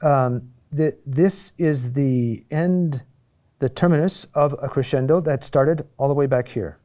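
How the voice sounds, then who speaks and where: Monk teaching chant, mellow voice. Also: male voice, mid-range voice. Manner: explains in short phrases with many "uh"s and asides of "huh?"; sings chant phrases slowly in Latin. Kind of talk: chant lesson.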